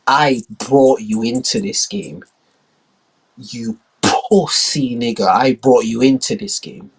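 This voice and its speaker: A man voicing a menacing male boss who scolds slowly and with contempt. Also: medium pitch, breathy edge. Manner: slow, cold, contemptuous.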